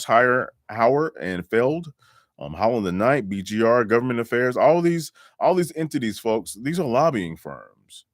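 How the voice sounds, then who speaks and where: Male live-stream host, low voice, loose and repetitive delivery with fillers, dry sound. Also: dry recording. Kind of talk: casual live-stream talk. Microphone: home microphone.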